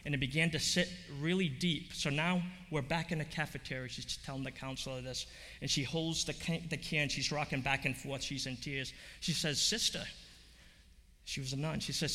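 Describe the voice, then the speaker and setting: A man's voice: medium pitch, steady tone, moderate pace, sharp tone. A man preaching a sermon, telling a story in a conversational way with many fillers, then building to emphatic points. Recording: long hall reverb.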